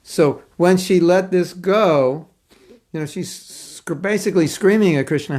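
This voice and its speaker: A man giving a devotional class, reading a story aloud and commenting on it in an earnest, expressive storytelling manner with pauses. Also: fairly high pitch. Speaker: spiritual teacher giving a class.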